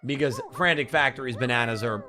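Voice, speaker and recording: A man streaming a video game live, chatting casually and reacting out loud, his voice going hoarse. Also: mid-range voice, a little fast, noisy background. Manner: chatty, excitable, reacts aloud and thanks viewers. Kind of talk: casual live gameplay commentary. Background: game music.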